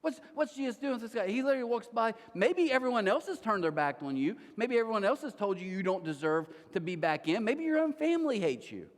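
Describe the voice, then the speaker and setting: A middle-aged male pastor delivers a sermon in a large church, telling personal stories with lively energy. His voice sits high and swings widely in pitch. A long reverb from the hall trails behind every line. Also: fast, hardly any pauses. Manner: animated storytelling with sudden pitch jumps.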